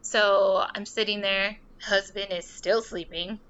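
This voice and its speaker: A woman's voice: mid-range voice, slow. A young woman, a podcast guest, telling a story casually and acting out the voices of the people she quotes. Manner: animated, acts out quoted voices. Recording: slightly dull sound with faint noise.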